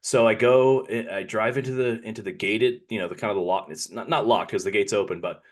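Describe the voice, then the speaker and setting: A man's voice: lowish voice, fairly quick. A man co-hosting a podcast, telling a long personal story in a casual, rambling way and often correcting himself mid-sentence. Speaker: podcast co-host.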